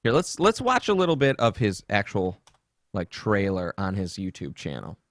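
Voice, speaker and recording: Low-voiced man hosting a rambling podcast. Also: wildly swooping pitch, normal speed, no echo. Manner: jokey, rambling, mocking. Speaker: podcast host. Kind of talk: casual rambling podcast chat. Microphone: desktop streaming setup.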